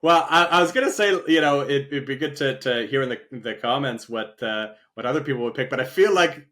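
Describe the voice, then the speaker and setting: A man's voice: mid-range voice, lively intonation, a little fast, fairly bright tone. A man co-hosting a podcast in casual chat, easygoing and agreeable. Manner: easygoing, agreeable, lots of back-channel affirmations. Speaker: podcast co-host.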